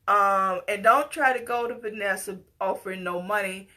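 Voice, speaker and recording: Woman, middle-aged, impassioned commentary, scolding, slow delivery, bright forceful tone. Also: mid-range voice. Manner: scolding, emotional, breaks into tearful pleading. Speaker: commentator reacting to a news story.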